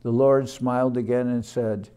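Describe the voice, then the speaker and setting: A man, a monk leading a morning class, reading scripture aloud in a measured way, repeating phrases and adding short explanations. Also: medium pitch, fairly even intonation, warm tone, clean tone. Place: ashram class room.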